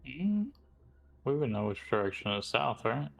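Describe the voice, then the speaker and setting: A man playing a tabletop game, asking deliberate questions. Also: medium pitch, very animated, creaky. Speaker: player.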